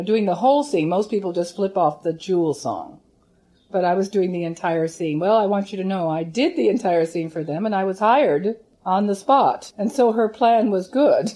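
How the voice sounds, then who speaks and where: Older woman with a mellow, warm voice. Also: mid-range voice. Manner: animated storyteller with vivid quoted impressions. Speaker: opera singer recalling her teacher. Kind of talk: reminiscing interview.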